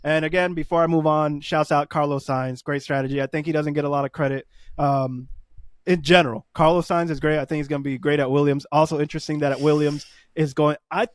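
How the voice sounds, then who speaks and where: Excitable man on a dry podcast mic. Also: fairly high pitch, no room sound. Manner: excitable, laughs often, fast bursts. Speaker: podcast co-host. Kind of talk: casual chat.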